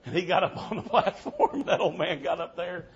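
A man preaching a storytelling sermon, swinging from hushed tones to shouting. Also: high-pitched, sing-song, normal speed, creaky, dull audio.

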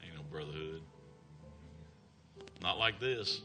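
Southern male evangelist, emphatic folksy sermon delivery, sharp bright tone. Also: low voice, normal speed, long pauses, faint music behind. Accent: Southern American. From American South. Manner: folksy, emphatic, calls out "amen". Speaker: traveling evangelist. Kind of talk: revival sermon.

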